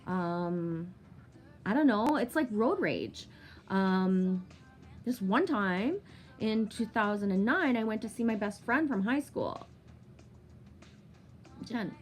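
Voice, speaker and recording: A woman in her thirties recounts a long personal story in a casual vlog, full of swearing and fillers. She speaks slowly with long pauses, her medium-pitched voice lively in intonation.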